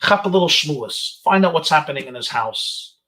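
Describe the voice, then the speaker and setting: Speaking over a webinar call, a rabbi gives teenagers an inspirational talk, telling stories peppered with Yiddish and Hebrew phrases. His voice is a little high and sharp-toned, expressive, and moderately paced.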